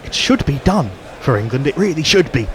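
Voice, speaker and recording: A man giving live ball-by-ball cricket commentary on radio. He describes the field and each delivery in steady, descriptive play-by-play. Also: a little high, brisk, noisy background. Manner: steady descriptive play-by-play, rising on big moments.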